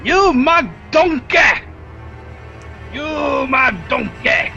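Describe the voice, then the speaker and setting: A hulking green ogre , done by a man putting on the voice, drawls and bellows his lines. The voice sits high for a man and comes through muffled and lo-fi, with faint music underneath. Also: drawn-out words, sharp tone, heavily acted. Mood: shouting. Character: brutish green male ogre, menacing.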